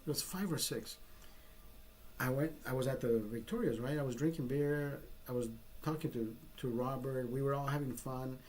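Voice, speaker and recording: This vlogger speaks at normal speed with a medium-pitched, darkish voice. He tells a personal story in a loose, profane way, wandering off and restarting his sentences again and again.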